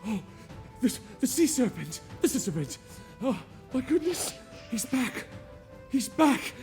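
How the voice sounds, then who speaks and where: A man voicing a middle-aged farmer father, overwhelmed with relief, whose exclamations come out high and drawn out. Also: big pitch swings, unhurried, darkish tone, faint music behind, heavily acted. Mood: astonished.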